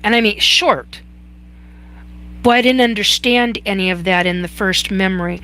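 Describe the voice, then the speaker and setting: A woman hosting a live chat, telling a personal story in a halting way with many fillers and restarts. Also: mid-range voice, bright, forceful tone. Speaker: host.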